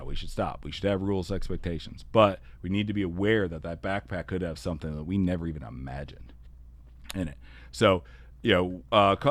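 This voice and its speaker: A man's voice: sits low, no echo. A man, an educator hosting a solo podcast, talking in an earnest, conversational way that is full of "you know" and "kinda".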